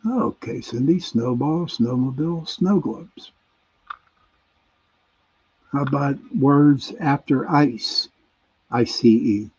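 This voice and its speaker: A man with a Pittsburgh accent hosts a relaxed radio chat, reading listener messages aloud at an unhurried pace. His voice is gravelly and mellow, slightly husky, and it comes through with a dull, lo-fi sound. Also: mid-range voice, a little hiss or hum. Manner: reads out listener messages, chuckling, easygoing. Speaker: radio show host. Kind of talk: casual call-in chat reading listener answers.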